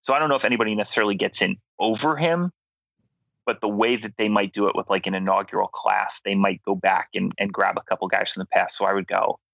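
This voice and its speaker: A man's voice: on the low side, steady tone, quick pace, gravelly, fairly bright tone, no echo. A young man from Philadelphia co-hosting a sports podcast in easygoing casual chat, thinking aloud. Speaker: podcast co-host. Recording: dull lo-fi home recording over call.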